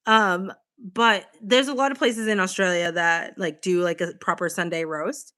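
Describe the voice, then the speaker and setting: A woman's voice: fairly low pitch, steady tone, moderate pace, pushed and bright. Young woman, casual livestream chat, laughs a lot, swears casually, chatty. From Boston, USA. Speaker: livestream host.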